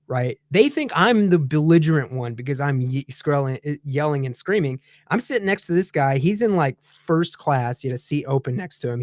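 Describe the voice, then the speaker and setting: A man telling a story in a casual chat show, animated and heated, laughing as he goes. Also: fairly high pitch, no room sound, clean studio sound. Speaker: guest on a talk show.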